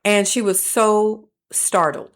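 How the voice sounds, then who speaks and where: A woman who is a professor, hosting a reflective podcast monologue and telling stories, with lively turns when she voices the people she quotes. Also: mid-range voice, takes it slowly. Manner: storytelling, animating quoted voices.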